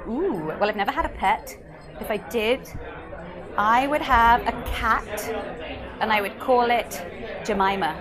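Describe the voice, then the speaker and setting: A woman's voice: on the high side, unhurried, pauses often, over music, a crowd in the background. A young British woman, a musical theatre actress, chatting in an interview in a bubbly way and laughing often. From England. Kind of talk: casual interview chat.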